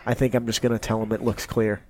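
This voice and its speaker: A man's voice: on the low side, little pitch movement, fast, darkish tone, pitched below the performer's own voice, close to an everyday voice. A man voicing a grumpy, saddle-sore male adventurer, reading an in-character journal entry in a grumbling, complaining way.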